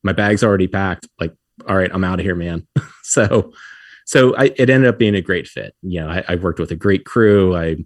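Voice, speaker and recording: A man's voice: low-pitched, normal speed, no room sound, studio quality. A middle-aged man, a podcast guest, telling stories in a casual way, acting out what people said and laughing often. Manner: animated, acts out quotes, laughs often. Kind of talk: casual storytelling.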